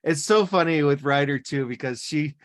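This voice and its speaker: A woman's voice: deep voice, normal speed. A woman from South Dakota with a Midwestern American accent, co-hosting a podcast in casual chat, laughing and restarting her sentences. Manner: chatty, laughing, many restarts. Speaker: podcast co-host.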